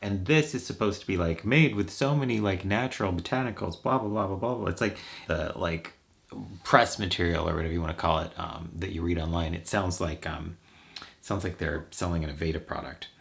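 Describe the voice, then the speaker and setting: A man's voice: sits low, brisk, gravelly. A man chatting casually and rambling with campy asides as he does his makeup for a vlog. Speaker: makeup vlogger. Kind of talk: casual chat while doing makeup.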